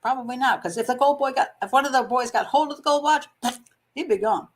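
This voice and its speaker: Lady reading a book out loud, fairly high voice, keeps stopping for dry little comments. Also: a little fast, slight background noise, low-quality recording. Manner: wry, chatty asides, laughs at the text. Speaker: host.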